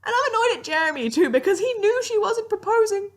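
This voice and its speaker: A woman's voice: extremely high pitch, big pitch swings, quick pace. A young woman giving a casual, rambling TV review, chatty and gushing with lots of fillers, tired and yawning. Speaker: TV series reviewer.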